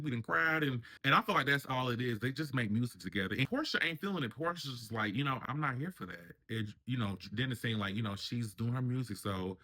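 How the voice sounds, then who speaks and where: A man's voice: mid-range voice, bright, forceful tone. A man hosting a casual reality TV review, chatting and acting out the cast members' lines in raised voices. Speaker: reality TV commentary host.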